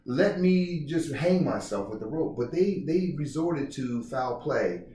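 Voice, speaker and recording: A man being interviewed about his book, telling stories in a lively, halting way and acting out what others said. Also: fairly high pitch, slight background noise. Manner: animated, restarts often, acts out quotes. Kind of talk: casual interview storytelling. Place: indoor room. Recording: roomy, distant mic, faint ambience.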